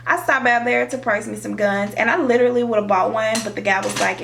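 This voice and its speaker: A young woman vlogger telling a dramatic, profane storytime while doing her makeup, animated and expressive. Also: a little high, fast, vocal fry, hardly any pauses, slight background noise. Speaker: beauty vlogger. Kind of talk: storytime chat during a makeup tutorial.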